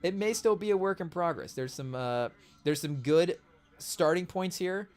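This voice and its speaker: High-voiced man rambling as a podcast host. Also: lively intonation, normal speed. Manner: rambling, with fillers and restarts, addressing the chat. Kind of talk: casual podcast chat.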